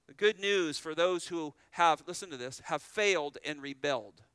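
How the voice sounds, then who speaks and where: A man's voice: fairly high pitch, moderate pace, fairly bright tone, smooth, no echo. A man preaching a sermon as pastor, earnest and full of rhetorical questions.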